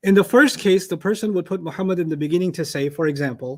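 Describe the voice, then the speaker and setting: A man teaching an Arabic lesson to a class, explaining word order with lively made-up examples and questions to the students. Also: high voice, rapid-fire, hardly any pauses. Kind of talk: classroom lecture.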